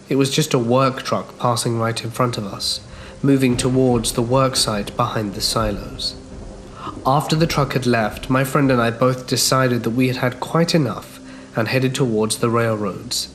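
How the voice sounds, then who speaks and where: A man narrating a first-person horror story in a measured, scripted way. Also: medium pitch, fairly bright tone, a little hiss or hum. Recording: faint background music.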